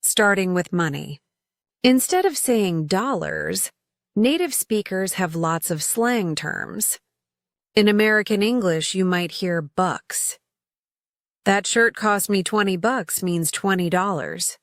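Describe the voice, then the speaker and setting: A woman's voice: mid-range voice, lively intonation, takes it slowly, no echo, studio quality. A woman narrating a scripted lesson on English slang, lifting her voice for each example phrase. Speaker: English teacher.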